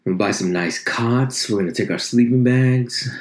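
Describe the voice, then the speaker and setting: A man's voice: mid-range voice, normal speed. A man in his thirties rambling in casual chat as a podcast host, profane and self-mocking. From United States. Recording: echoey room.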